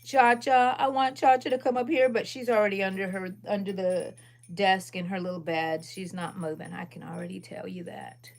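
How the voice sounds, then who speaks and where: Relaxed, chatty woman crocheting live. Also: mid-range voice, moderate pace, gravelly. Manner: chatty and relaxed, drifting between dogs, chores and stitch counting. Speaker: crochet livestream host. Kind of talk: casual livestream chat while crocheting.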